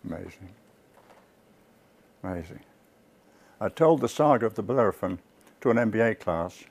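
A man giving a public history lecture to a live audience. He tells the story with lively asides to the listeners and corrects himself mid-word. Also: fairly low pitch, fast talker. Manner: self-corrects and restarts words.

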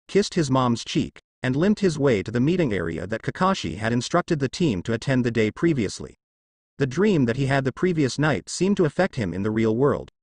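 A man narrating a fan fiction story in a lively storytelling way. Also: breathy edge, dry recording, studio quality. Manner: lively storytelling, varies pitch for dialogue.

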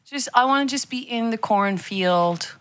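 A podcast guest from Ireland, chatting in a relaxed, easygoing way. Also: mid-range voice, unhurried, clear, resonant tone. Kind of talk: casual chat.

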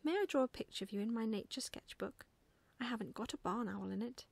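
A woman's voice: a little high, fast, creaky, husky, no room sound. Woman whispering a sweet young lady. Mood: kind. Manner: soft, sweet and kind. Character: gentle young woman sketching in the woods. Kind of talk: whispered role-play.

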